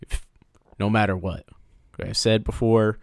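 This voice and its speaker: Animated low-voiced man sharing a story. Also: measured pace, creaky, dry recording. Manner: animated storyteller who slips into playful voices. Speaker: podcast co-host. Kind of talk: casual chat.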